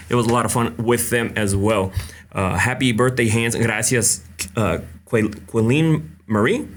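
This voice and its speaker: A young man hosting a casual livestream, greeting viewers by name with lots of fillers and quick Spanish greetings. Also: medium pitch, a bit bright. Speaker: livestream host.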